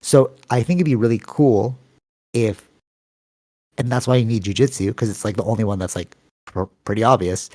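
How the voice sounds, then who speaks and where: A man's voice: normal speed, long pauses, darkish tone, dry recording. A man with a Canadian accent, co-hosting a podcast, telling long rambling stories full of fillers and acting out other people's voices. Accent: Canadian English. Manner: long-winded, rambling storytelling with many fillers; acts out quoted voices with sudden pitch jumps. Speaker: podcast co-host. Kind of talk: casual podcast chat.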